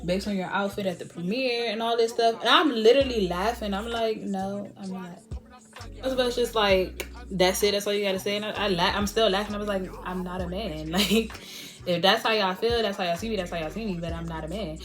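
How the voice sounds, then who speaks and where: A young woman tells a personal story to her vlog audience in a lively, chatty way. She laughs often and acts out other people's lines as she goes. Faint music plays quietly underneath her voice. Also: mid-range voice, fairly quick. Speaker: beauty vlogger.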